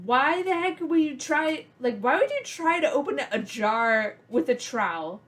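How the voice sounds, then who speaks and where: A woman's voice: high voice, lively intonation, a little slow, pitched above the performer's own voice. An angry grandmother scolds in an exasperated, raised voice, as a woman puts her on. She sounds fed up.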